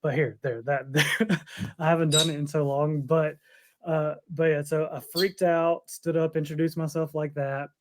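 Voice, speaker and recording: A man's voice: on the high side, flat delivery, moderate pace, slight background noise. A man co-hosting a podcast, telling a long story with frequent laughs. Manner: rambling storyteller, laughs often. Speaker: podcast co-host. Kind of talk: casual chat.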